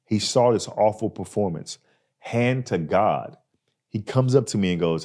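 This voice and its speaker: A man hosting a podcast, telling a story in a casual, animated way and acting out the people in it. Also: fairly low pitch, measured pace. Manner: animated, acts out people in his stories. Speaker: podcast host.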